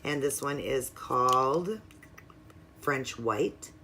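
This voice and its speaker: In her own nail art tutorial, a woman explains her supplies step by step, keeping things chatty and upbeat. Her very deep voice sounds pushed and bright, and she draws out her words in this casual narration.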